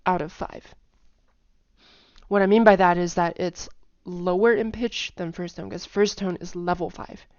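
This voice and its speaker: A woman casually explaining tone patterns in a lesson, talking in a chatty way with lots of fillers and humming or singing syllables to show pitch. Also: fairly even intonation, measured pace, a little mellow, no room sound, lo-fi sound. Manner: chatty, many fillers, hums and sings tone patterns. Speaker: language teacher.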